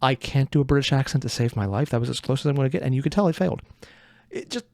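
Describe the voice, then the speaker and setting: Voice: medium pitch, rapid-fire, gravelly, darkish tone, no room sound. A host giving casual reaction commentary to an audio drama, chatty and often poking fun at themselves. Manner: chatty and self-mocking, with frequent likes and asides.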